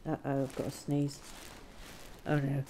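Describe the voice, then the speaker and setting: Low, slow-talking woman vlogger. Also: monotone, heavy background noise. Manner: chatty, rambling, lots of fillers and restarts. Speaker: building-toy vlog host. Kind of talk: casual build commentary. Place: cold room at home.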